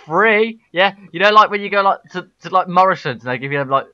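Bright, playful British male streamer. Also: sits high, expressive, fast talker, clear, resonant tone, dull audio. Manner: playful, jokey, teasing banter. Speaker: livestream host. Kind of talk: casual live-stream chat.

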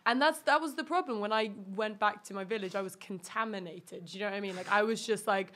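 A woman's voice: mid-range voice, fast, a bit bright. Chatty Norwegian woman telling stories. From Norway. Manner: chatty storytelling with frequent fillers. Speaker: guest. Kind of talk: casual chat.

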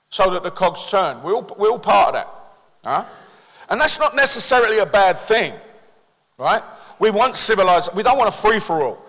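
A man with a Cockney accent preaching a sermon as senior pastor, calling out questions and drawing answers from his congregation. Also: high voice. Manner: lively preaching with call-and-response to the congregation. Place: church hall with a congregation. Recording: echoey church hall.

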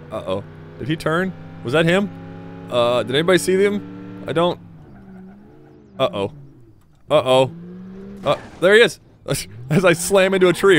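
A man's voice: on the high side, a little hiss or hum. A young man giving casual, joking commentary while playing a driving game, rambling and talking to the characters on screen. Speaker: gaming YouTuber.

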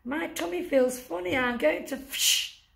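A worried old Father Christmas from a storybook, anxious and pleading, voiced by a woman. His lines jump up high and loud, all urgent little exclamations. He sounds like he cannot hold on much longer. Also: a little slow, vocal fry, exaggerated voice.

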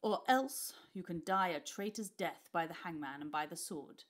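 A woman voicing an older, cruel male duke who speaks slowly and with sneering pleasure. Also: lowish voice, lightly acted. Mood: gloating. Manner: slow, sneering, barking orders.

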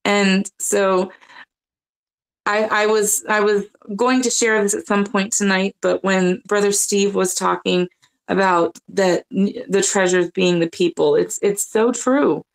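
A woman's voice: mid-range voice, fairly even intonation, a little slow, creaky, poor audio. A woman speaking earnestly as a panelist, sharing her personal faith story in casual chat, often restarting her sentences. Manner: earnest, searching, with many restarts.

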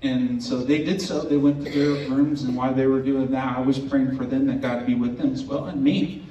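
Man, mellow voice, earnest storyteller, distant roomy recording. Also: mid-range voice, little pitch movement. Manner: earnest, unhurried storytelling with religious language. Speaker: host telling a personal story. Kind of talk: telling a true ghost story to an audience. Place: indoor event room. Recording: roomy, distant, dull recording with faint ambience.

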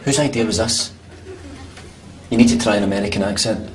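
A man's voice: on the low side, fairly quick, a faint crowd, natural voice. An actor playing a sarcastic, cranky Scottish man trapped in a voice-controlled lift. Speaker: elevator passenger. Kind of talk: TV sketch comedy. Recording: studio audience laughter and faint hiss.

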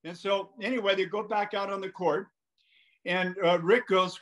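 An older man with a high voice tells stories, lively and chatty. He acts out the quoted lines as he goes. He is heard over a call. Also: normal speed. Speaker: guest, basketball coach. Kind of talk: casual anecdotal storytelling.

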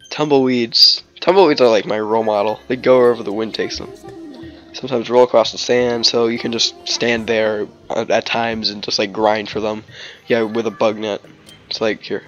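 A man's voice: on the low side, dull audio. Rambling, jokey man commenting on gameplay. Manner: rambling and chatty, full of "like" and restarts; jokey, breaks into snatches of song and silly voices. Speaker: let's play host.

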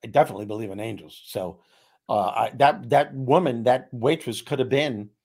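A man hosting a talk show, telling a personal story in a lively way with frequent restarts. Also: medium pitch, normal speed, husky. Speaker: host. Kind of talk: casual storytelling chat.

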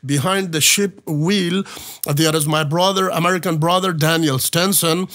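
Halting man, fairly high voice. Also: steady tone, fairly bright tone. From Afghanistan. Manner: halting, many fillers and restarts, earnest storytelling. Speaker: guest. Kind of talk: personal testimony in a podcast interview.

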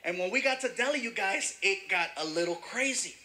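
A man doing stand-up comedy, telling an animated story and shouting some punchlines. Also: sits high, a little fast.

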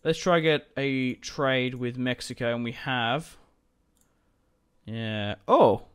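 A young man talks his way through a strategy game in a casual, rambling way. His voice is smooth and clear at an everyday middle pitch. He sounds like he is at a desk mic in a room at home. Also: slow, fairly bright tone. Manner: chatty, rambling, laughs often. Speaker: gaming commentator.

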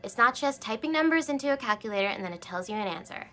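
Sitcom role: breathless, chattering young office woman with a high, bright voice. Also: expressive, quick pace, slight background noise. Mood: bossy. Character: bubbly, gossipy, self-absorbed young office woman. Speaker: office customer service rep. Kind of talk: sitcom acting.

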